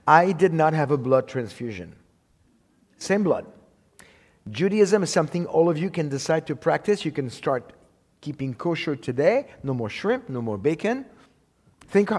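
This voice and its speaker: A man's voice: a little high, darkish tone. A middle-aged man giving an emphatic sermon in a church, quoting scripture and often repeating words as he restarts. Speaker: preacher teaching a church audience. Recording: hall with long reverb.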